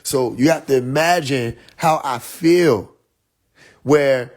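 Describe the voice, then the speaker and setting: Speaking a little slowly in a mid-range voice, the man delivers a profane, exasperated live-stream monologue. He's an animated storyteller, spinning a long analogy and acting out everyone he quotes with blunt frustration.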